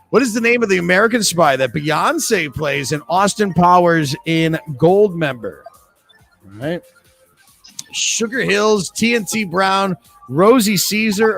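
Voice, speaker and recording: A man's voice: high-pitched, creaky, fairly bright tone. A man hosting a live trivia game, reading questions and answer choices in a chatty, joking way. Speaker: trivia host.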